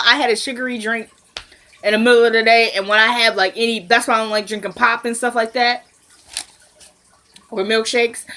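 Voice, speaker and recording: A young woman recapping a TV episode in a casual, excitable vlog, full of slang and laughter. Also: fairly high pitch.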